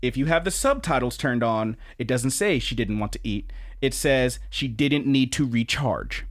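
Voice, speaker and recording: A man's voice: medium pitch, animated, moderate pace. Male podcast co-host, loose and rambling, swears freely, mid-range voice. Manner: rambling, profane, lots of fillers and restarts. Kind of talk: casual chat recapping anime.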